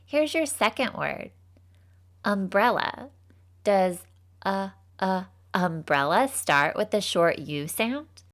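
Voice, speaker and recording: Folksy young female teacher, voiced by a woman, slow and patient phonics delivery for preschoolers. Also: medium pitch, lively intonation, a bit bright. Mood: cheerful. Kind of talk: scripted children's phonics lesson.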